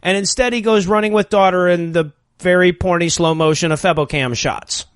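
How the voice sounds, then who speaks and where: Male podcast co-host, higher voice, dry close sound, wry riffing on a bad film. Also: brisk, clear, resonant tone, dry recording. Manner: wry, reads his notes aloud. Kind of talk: casual comedic movie riffing.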